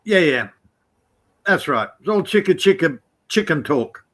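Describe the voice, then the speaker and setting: A man jokes through a live-stream chat in a teasing, sarcastic way, and his pitch swings a lot as he talks. His voice sits a little high for a man. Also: very animated, unhurried, a bit bright. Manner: sarcastic, teasing, mimics others mockingly. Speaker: regular live-stream guest.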